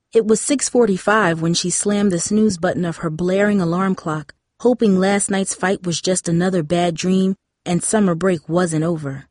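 A woman's voice: on the low side, darkish tone, no echo. Woman narrating an audiobook, dry and close. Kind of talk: scripted narration.

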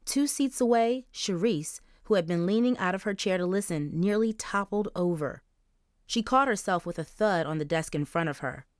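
A woman narrating a young-adult novel as an audiobook, in clear, even storytelling. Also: mid-range voice, moderate pace, dry recording, clean studio sound. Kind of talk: scripted narration.

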